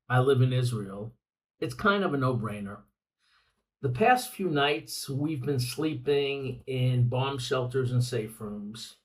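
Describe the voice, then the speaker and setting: A man's voice: mid-range voice, recorded from a distance, low-quality recording. An older man hosting a reflective podcast monologue, speaking earnestly and repeating phrases for emphasis. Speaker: podcast host.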